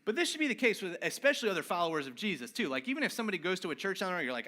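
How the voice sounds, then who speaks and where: A male pastor delivers a casual, conversational sermon in a high-pitched, racing voice. He's animated and open about his own shortcomings, frequently asking "right?" to check in with listeners.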